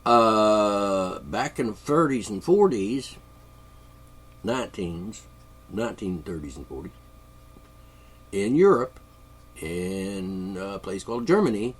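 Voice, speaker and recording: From his home studio, a podcast host with congested sinuses delivers a rambling political monologue, sarcastic and mocking, chuckling as he goes. His husky voice sits on the low side and is very animated, with a slow pace and frequent pauses.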